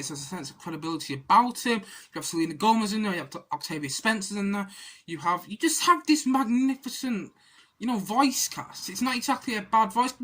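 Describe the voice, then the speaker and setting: A woman's voice: lowish voice, breathy edge. A woman talks through a film review in a loose, unscripted way. She rants with exasperation, trips over her words and starts sentences over. It sounds like an off-the-cuff video review. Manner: rambling, exasperated ranting with frequent restarts. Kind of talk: casual spoken film review.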